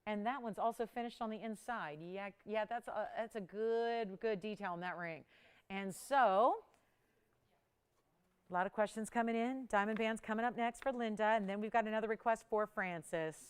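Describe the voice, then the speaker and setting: A woman hosting a live home-shopping show, pitching jewelry in an upbeat, urgent, chatty way and counting down prices. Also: moderate pace, clear, resonant tone.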